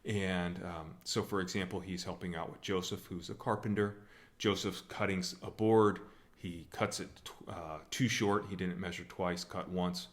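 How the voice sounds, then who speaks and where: A man from the USA giving a humorous talk on scripture at a church, telling the story in a wry, animated way. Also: deep voice, normal speed. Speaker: church speaker.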